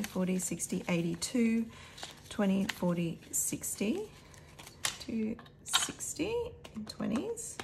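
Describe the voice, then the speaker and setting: A woman's voice: mid-range voice, noisy background. An Australian woman vlogging casually at home, chatting to viewers while counting out cash. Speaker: budget vlogger.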